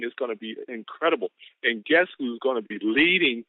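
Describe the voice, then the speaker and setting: A man's voice: mid-range voice, animated, a little fast, dry recording. A man giving an exuberant motivational pep talk on a business call, whooping and calling out to the listeners. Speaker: business caller giving the daily quote. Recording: tinny phone line.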